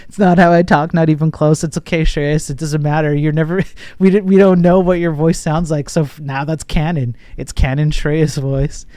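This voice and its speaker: A man's voice: fairly high pitch, level tone, moderate pace, a little mellow, dry recording. A man chatting casually on a coding livestream, reading and answering chat with teasing jokes and frequent laughter. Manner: joking, teasing, laughs often.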